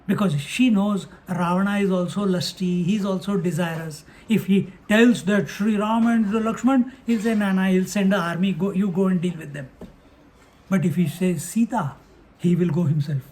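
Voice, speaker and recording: A man's voice: sits high, moderate pace, darkish tone. A man giving a spiritual discourse on scripture, acting out the dialogue with a chuckle and chanting verses. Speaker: spiritual teacher.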